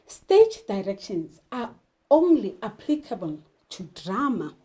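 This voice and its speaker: A woman's voice: mid-range voice, big pitch swings, takes it slowly, mellow, low-quality recording. A woman teaching a literature lesson, talking emphatically and putting questions to her learners. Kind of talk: televised classroom lesson.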